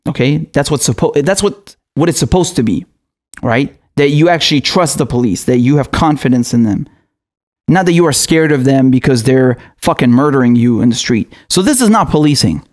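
A man's voice: medium pitch, a little mellow. A man giving an angry commentary monologue, heated and profane, often stammering and restarting his sentences. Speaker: political commentator.

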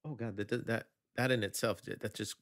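A man co-hosting a podcast in easygoing casual chat, cracking quick jokes. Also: on the low side, steady tone. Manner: joking, easygoing, quick asides. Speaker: podcast co-host.

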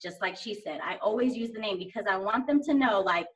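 A woman's voice: mid-range voice, a little fast, a bit bright, distant mic, dull audio. A woman guest chatting casually in an interview, enthusiastic and rambling with lots of fillers. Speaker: guest sharing sales tips.

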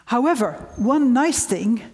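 A woman's voice: on the high side, slow. Older woman telling wry lecture anecdotes. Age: 70s. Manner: wry, storytelling, animated quotes. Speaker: guest lecturer.

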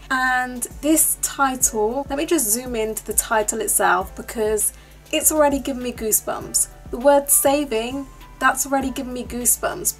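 A woman's voice: on the high side, poor audio. A woman, hosting a movie reaction in a chatty, emotional way, often near tears. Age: 20s. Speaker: YouTube reaction host. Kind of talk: casual chat and movie reaction.

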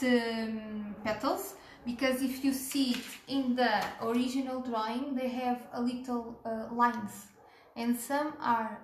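A woman teaching a cake decorating tutorial step by step, gentle and unhurried, pausing with fillers and checking in with "okay?". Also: on the high side, slight background noise. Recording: echoey room.

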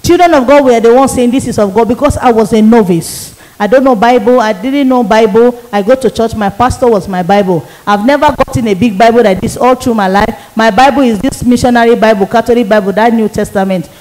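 A woman's voice: fairly high pitch, brisk, hardly any pauses, a little mellow, poor audio. A woman evangelist, giving an emotional sermon testimony and repeating phrases for emphasis. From Nigeria.

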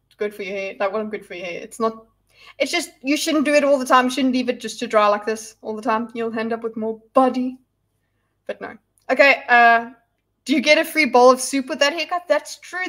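Chatty woman streamer, higher voice. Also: a bit bright. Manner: rambling and chatty, with frequent restarts and asides. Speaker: livestreamer. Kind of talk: casual livestream chat answering viewers.

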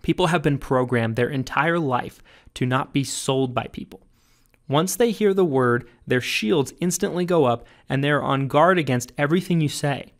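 A man reads his own sales training book aloud in an emphatic, coaching tone. His voice sits at a middle pitch and jumps higher whenever he drives home a key point. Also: moderate pace. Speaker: author narrating his own audiobook.

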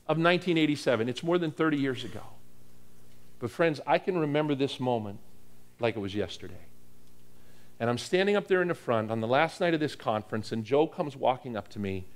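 A man from the US East Coast preaching a sermon, telling a story in an animated way and acting out the dialogue in it. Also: medium pitch. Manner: animated storyteller, acts out dialogue, repeats words. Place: church hall with live audience.

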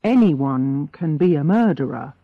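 Woman reading a calm, stern police inspector. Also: sits high, no echo, narrow, tinny audio, full character voice. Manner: calm, measured.

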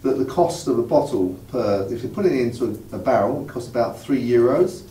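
A man's voice: mid-range voice, lively intonation, brisk, dark tone. A man co-hosting a wine tasting, with dry humor, working out prices aloud. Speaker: wine show co-host. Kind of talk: casual wine tasting chat. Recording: roomy sound, mic at a distance.

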